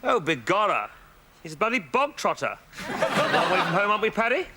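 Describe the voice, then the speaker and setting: An actor playing a contemptuous, bullying posh gentleman who barks insults. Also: high-pitched, huge pitch swings, normal speed, a little hiss or hum, full character voice. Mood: sneering. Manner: contemptuous, barking. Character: sneering bullying posh male gent.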